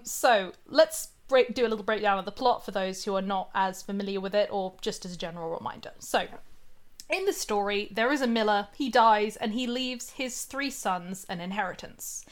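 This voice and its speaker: A woman's voice: medium pitch, moderate pace. A woman retelling a fairy tale in casual chat, with lots of fillers, asides and giggles.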